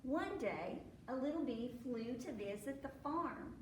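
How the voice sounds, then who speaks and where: Animated woman reading a children's story. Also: high-pitched, a little slow. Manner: animated, with acted sneezes and animal sounds. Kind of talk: children's storytime read-aloud. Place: library room. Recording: echoey room, mic at a distance, faint noise.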